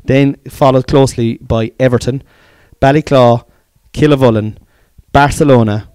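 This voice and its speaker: A man's voice: mid-range voice, fairly even intonation, normal speed, a little mellow, smooth. A middle-aged Irish man with a Cork accent, hosting a podcast in casual, rambling chat and swearing freely. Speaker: podcast host.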